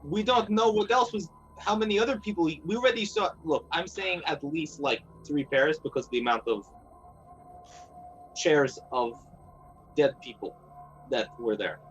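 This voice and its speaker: Excitable man on a dull mic. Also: a little high, normal speed, long pauses, soft background music. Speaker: player. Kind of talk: casual tabletop role-play chat.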